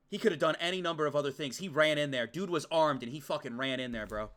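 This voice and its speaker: A young man streaming a game, reacting emotionally, shouting and swearing at the screen, with faint game music underneath. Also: on the high side, fast, few pauses. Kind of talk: emotional live gameplay reactions.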